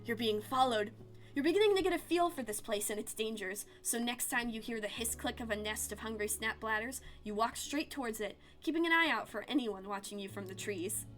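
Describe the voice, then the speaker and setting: Woman streamer narrating a story game, expressive read, fairly high voice, faint music under it. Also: brisk. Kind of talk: reading a narrative game aloud.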